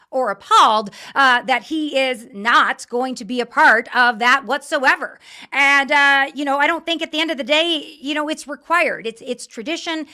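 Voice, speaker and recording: A woman's voice: on the high side, pushed and bright. A woman hosting a political talk show, delivering an emphatic, fired-up opinion monologue and repeating words for emphasis. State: frustrated and angry.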